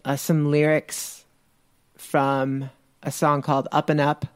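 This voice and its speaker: A man's voice: fairly high pitch, completely flat delivery, slow, smooth, no room sound, clean studio sound. An American man, a podcast guest, talking in a hesitant, rambling way with a teasing edge. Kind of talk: casual podcast conversation.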